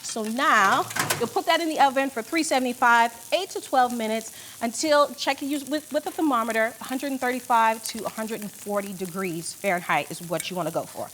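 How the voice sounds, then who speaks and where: A woman's voice: a little high, fairly quick, fairly bright tone, a little hiss or hum. A woman chef doing a cooking demonstration in a studio kitchen, upbeat and gushing. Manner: upbeat, gushing, says "beautiful" a lot.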